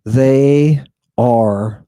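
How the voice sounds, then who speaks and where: A man lecturing late at night in a rambling, sardonic way that speaks directly to listeners. His delivery is very slow, with a dark, mellow tone. The sound is dry and close, with no room echo. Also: mid-range voice. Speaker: podcast host.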